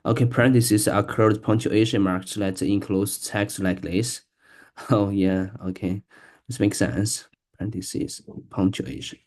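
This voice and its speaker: Halting, hesitant man learning English. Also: lowish voice, fairly even intonation, a little mellow. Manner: halting, hesitant, many restarts. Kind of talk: casual reading-aloud practice.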